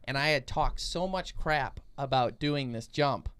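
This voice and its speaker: A man hosting a podcast, telling an animated story in casual chat, laughing often and saying 'like' a lot. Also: mid-range voice, unhurried, smooth. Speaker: podcast host.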